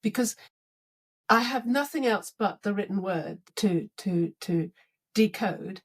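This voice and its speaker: Her voice is medium-pitched, slow and slightly rough. A middle-aged woman leadership coach on a podcast interview, she tells animated stories and acts out each side of the exchanges.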